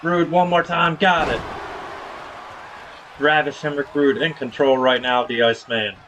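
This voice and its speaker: Male streamer, casual play-by-play caller, slightly raised pitch, light background noise. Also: fairly even intonation, normal speed, a bit bright. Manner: casual, hypes viewers with slang. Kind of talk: play-by-play game commentary.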